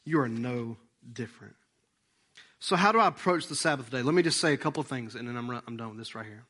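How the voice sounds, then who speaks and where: Animated preacher with twang. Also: male voice, mid-range voice, fast talker. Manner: lively, conversational preaching with sudden loud emphatic bursts; leads the congregation in breathing exercises. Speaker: pastor. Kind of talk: sermon.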